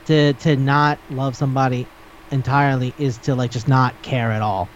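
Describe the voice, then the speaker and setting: A man's voice: medium pitch, steady tone, moderate pace, lo-fi sound, a little hiss or hum. A man hosting a podcast in casual chat who rambles, repeats his words and swears offhandedly. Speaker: podcast host.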